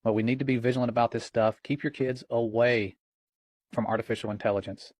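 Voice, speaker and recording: A man's voice: medium pitch, fairly even intonation, quick pace, a little mellow, dry recording. A man hosting religious commentary, earnest and warning, retelling a conversation line by line.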